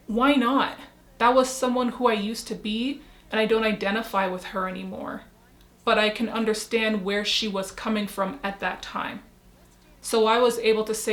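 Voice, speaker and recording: Brief: woman vlogger, slightly high voice, reflective storyteller, echoey room. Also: a bit bright. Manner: reflective storytelling, self-talk asides. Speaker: YouTuber. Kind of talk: casual talk to camera. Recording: roomy echo.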